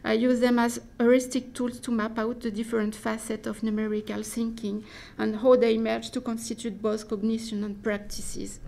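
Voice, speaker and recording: Woman reading out a dense academic paper, slightly high voice, careful and slow, restarts here and there. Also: darkish tone. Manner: careful, deliberate delivery with restarts and hesitations. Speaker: academic speaker. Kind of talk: reading a prepared academic talk.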